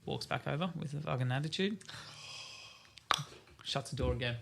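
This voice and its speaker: A man's voice: medium pitch, brisk, creaky, long pauses, a little hiss or hum. An Australian man in his thirties chatting casually on a podcast, telling stories about his kids with lots of laughter. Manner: laughing storyteller, acts out his kids' lines. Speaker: podcast co-host. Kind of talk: casual chat.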